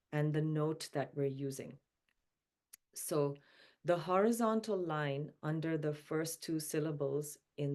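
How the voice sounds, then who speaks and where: Slow, patient woman teaching chant. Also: sits low, darkish tone. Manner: patient, explains then chants slowly. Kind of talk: teaching chant pronunciation and notes.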